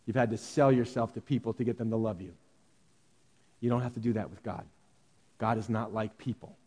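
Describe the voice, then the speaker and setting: A man pastor preaching a sermon, animated, swinging from loud cries to hushed tones. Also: lowish voice, brisk, breathy edge. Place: church sanctuary. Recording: long reverb of a large hall.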